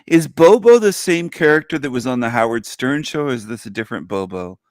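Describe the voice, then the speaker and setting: A man's voice: animated, a little fast, no room sound, studio quality. A man co-hosting a livestream, chatting casually, reading out his chat and laughing a lot. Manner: bursts into high laughter, reads chat aloud. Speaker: livestream co-host.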